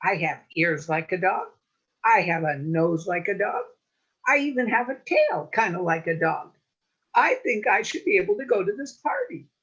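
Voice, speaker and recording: A woman's voice: moderate pace, breathy edge, lo-fi sound. A woman playing eager stammering Coyote. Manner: pleading, stammering, high and excited. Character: eager sly male coyote trickster.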